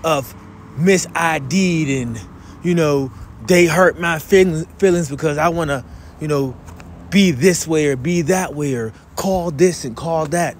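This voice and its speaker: Guy preaching in his car, blunt and preachy, faint hiss. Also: fairly high pitch. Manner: preachy and blunt, with quick formal greetings. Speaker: religious teacher. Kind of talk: preachy vlog lesson.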